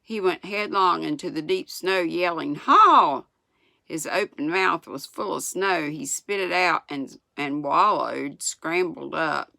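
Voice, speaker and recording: Slow, gravelly older woman reading aloud. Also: sits low, bright, forceful tone, no room sound. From United States. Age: 60s. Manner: unhurried, chuckles at the story. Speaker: storyteller. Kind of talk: reading a children's book aloud.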